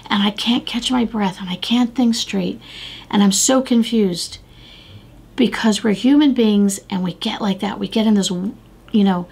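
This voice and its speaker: A woman's voice: medium pitch, gravelly, darkish tone, slightly rough. A middle-aged woman hosting a devotional podcast, talking earnestly and exhorting listeners with repeated phrases. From United States. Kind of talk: devotional talk.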